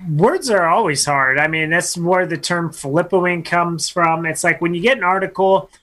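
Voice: mid-range voice, normal speed, fairly bright tone. A radio co-host in casual banter who laughs a lot and breaks into silly voices.

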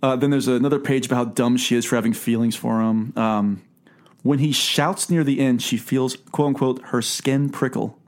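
Gravelly, sarcastic podcast host. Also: male voice, medium pitch, fairly even intonation, normal speed, a little mellow. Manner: sarcastic, laughs often, reads quotes aloud. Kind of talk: casual book-club chat.

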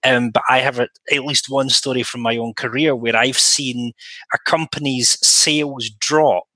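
A man co-hosting a chat podcast who works as an interpreter. His voice is bright and close-miked with a dry sound. He talks in long, measured sentences that build a careful argument. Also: mid-range voice, no echo. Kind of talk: casual panel chat.

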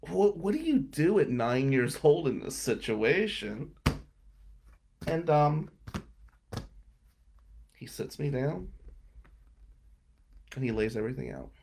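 A man's voice: mid-range voice, very animated, slow, creaky, long pauses, a little mellow, slightly rough. A man in a mid range voice tells a personal story on his podcast. He talks dramatically and slips into different voices to act out what his relatives said. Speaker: podcast host.

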